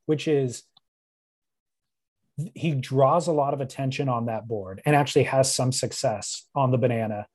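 A man hosting an interview, asking long, relaxed, rambling questions. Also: medium pitch, moderate pace, pauses often.

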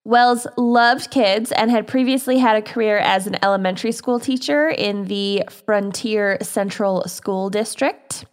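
A woman's voice: medium pitch, a little slow, few pauses. Chatty woman telling a crime story. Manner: chatty, giggly, reads out quotes. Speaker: podcast co-host. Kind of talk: casual true-crime storytelling.

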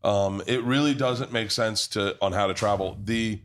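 A man's voice: fairly low pitch, moderate pace, fairly bright tone. A man hosting a podcast, telling rambling, profane anecdotes in casual chat at a pub. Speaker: podcast host.

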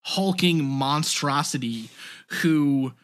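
A podcast co-host who leads the discussion in an explanatory way, often pausing on "um" and opening points with "now, what's interesting.". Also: medium pitch.

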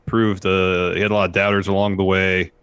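A man's voice: deep voice, little pitch movement, brisk, fairly bright tone, clean tone, dry recording. A man co-hosting a podcast, walking through a wrestling recap in casual chat. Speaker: podcast co-host.

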